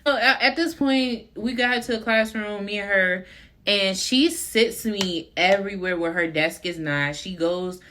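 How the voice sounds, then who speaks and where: A young woman vlogger speaks unhurriedly in a mid-range, slightly bright voice through a casual storytime monologue. She uses lots of fillers and addresses her viewers as "y'all," with a little hiss or hum in the audio.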